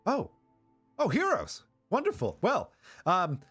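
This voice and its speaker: A man's voice: sits high, wildly swooping pitch, slow pace, a bit bright, breathy edge, soft background music, voice pushed up, exaggerated voice. A man voicing an eager, fumbling traveling merchant in a tabletop game, with hesitant sales patter full of ums. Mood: chirpy.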